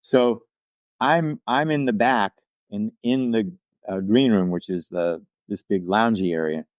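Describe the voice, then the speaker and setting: Older male guest, low-pitched, dry close sound, rambling anecdotal delivery. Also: a little slow, dry recording. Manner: rambling storyteller with restarts and asides; acts out quoted people in livelier voices. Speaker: podcast guest, actor and writer. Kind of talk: casual anecdote-telling.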